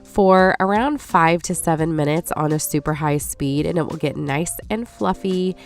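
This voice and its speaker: A woman's voice: low voice, moderate pace. A woman in her forties with a stuffy, nasal voice from allergies, chatting viewers through a recipe as a lifestyle host. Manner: chatty, apologetic, warm asides to viewers. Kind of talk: casual recipe voice-over. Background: soft background music.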